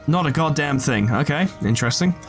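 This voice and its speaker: A man's voice: fairly high pitch, expressive, fairly quick, soft background music. A man casually commentating his strategy game playthrough, joking, swearing, and chatting to his units. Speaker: gaming video host. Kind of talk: casual let's play commentary.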